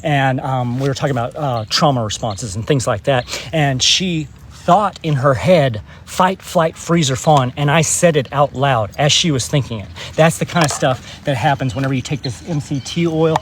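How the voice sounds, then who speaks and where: A man from West Texas, rambling and emphatic in a casual spiritual vlog, his voice a bit hoarse, recorded outdoors in a field. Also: mid-range voice, moderate pace, few pauses, a little hiss or hum. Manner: rambling and emphatic, urging viewers. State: slightly hoarse. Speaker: spiritual vlogger.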